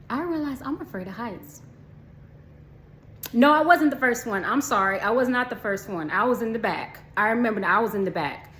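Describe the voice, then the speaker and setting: A woman's voice: a little high, a little hiss or hum. A woman vlogger telling a casual storytime, chatty and laughing often, talking straight to her viewers.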